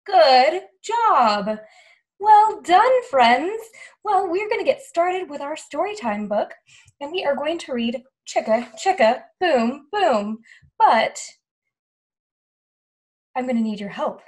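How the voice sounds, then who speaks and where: A woman hosting a children's story time, reading a picture book in a lilting, animated voice. She sits high in her register and takes her time, drawing the little ones in to stomp and sound out letters. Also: measured pace. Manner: animated, sing-song, coaxing children to join in.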